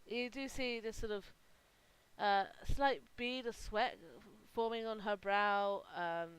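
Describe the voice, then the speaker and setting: A woman game master describing a scene to her players. Her delivery is halting, full of small pauses and restarts. Her voice stays smooth and clear. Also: mid-range voice, low-quality recording. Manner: hesitant, lots of ums and restarts. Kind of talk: narrating a tabletop role-playing game.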